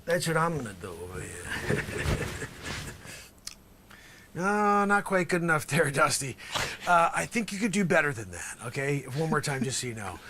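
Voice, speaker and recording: Hammy high-voiced man hosting improv. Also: sing-song, moderate pace, long pauses, slight background noise. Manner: theatrical, hammy, swings from loud to whispery. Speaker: host. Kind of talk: improv comedy, mock courtroom. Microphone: video call.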